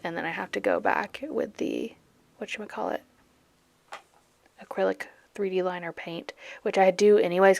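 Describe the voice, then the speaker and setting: A woman's voice: fairly low pitch, dry recording. Young southern gal rambling goofy over her painting, dry close mic, sometimes whispers. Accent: light Southern US. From Georgia, US. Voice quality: playful, goofy, self-mocking. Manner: drops to whispers at times. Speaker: art channel host. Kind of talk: casual voiceover chat while painting.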